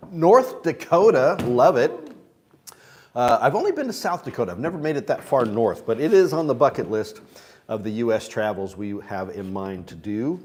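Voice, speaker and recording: A man's voice: mid-range voice, expressive, normal speed, darkish tone, a little hiss or hum. A man casually hosting a morning livestream, chatting with viewers and reading their comments aloud. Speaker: livestream host selling instruments. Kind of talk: casual live-stream chat.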